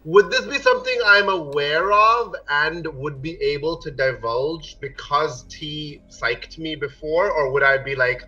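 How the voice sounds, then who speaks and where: A man playing a tabletop game, excitable and full of eager questions. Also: a little high, a little slow, hardly any pauses, recorded from a distance, highs cut off, faint music behind. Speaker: player. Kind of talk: casual tabletop play.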